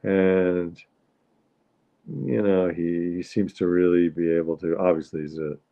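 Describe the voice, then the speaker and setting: A man hosts a livestream in a loose, rambling way and keeps greeting his viewers as he talks. His voice sits on the low side, and the audio is dull and lo-fi. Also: little pitch movement, a little slow, gravelly. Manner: rambling, easygoing, greets chat often. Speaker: livestream host. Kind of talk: casual chat with viewers.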